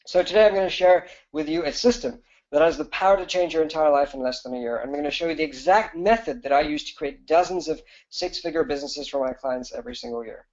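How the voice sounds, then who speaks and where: A man giving a fast, enthusiastic sales pitch as a business coach on a live webinar, with fillers and restarts. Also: darkish tone, muffled recording.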